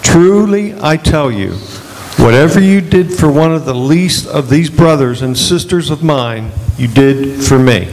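A man reading a passage of scripture slowly and deliberately during a sermon. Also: a little high, expressive, darkish tone. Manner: slow, measured reading. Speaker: pastor. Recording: distant, echoing hall, faint hiss.

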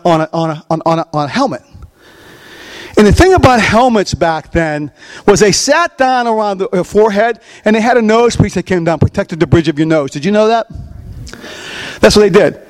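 A man preaching a sermon, animated and questioning his congregation as he acts out scenes. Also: high-pitched. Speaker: pastor.

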